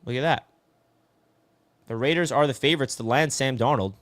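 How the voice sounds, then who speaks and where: A man's voice: medium pitch, moderate pace, fairly bright tone, dry recording. A man hosting a casual live sports talk stream, reading viewer comments and calling people "bro". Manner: chatty, answers viewer comments, says "bro" a lot.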